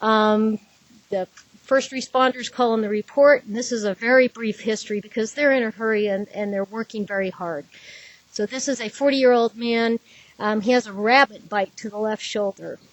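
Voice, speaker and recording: A woman lectures on emergency trauma care, talking through patient scenarios in a plain, direct way. Her voice sits a little high. The recording is dry and slightly dull. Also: normal speed, dry recording. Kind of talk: conversational lecture.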